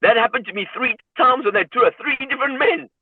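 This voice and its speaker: A man's voice: very high voice, fairly quick, slightly rough, no room sound. A man, a guest in an interview who tells personal stories with feeling, leaning on "you know" as he goes. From South Africa. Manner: emotional, animated storyteller leaning on "you know". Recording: dry, tinny phone-like line.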